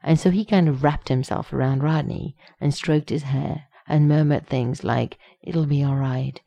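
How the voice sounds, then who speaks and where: A woman reading a story aloud as narrator, expressive and close to the microphone. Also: low-pitched, moderate pace, creaky. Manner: expressive, reads punctuation aloud. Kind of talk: audiobook reading of fan fiction.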